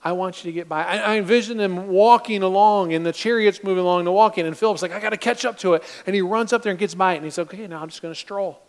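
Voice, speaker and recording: A man preaching a sermon as pastor, animated and acting out little scenes in different voices. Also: high-pitched, fast, hardly any pauses.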